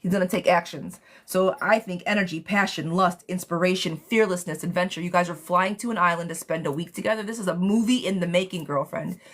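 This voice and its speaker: A woman's voice: on the low side, fairly quick, few pauses. A woman doing a live-stream tarot reading, chatty and affectionate, who calls her viewers darling and sweetheart. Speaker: tarot reader.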